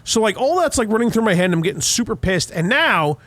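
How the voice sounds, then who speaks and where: A young man co-hosting a podcast, telling a profane, animated story in casual chat. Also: sits high, fast talker. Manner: profane, animated retelling with heated quoted outbursts. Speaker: podcast co-host.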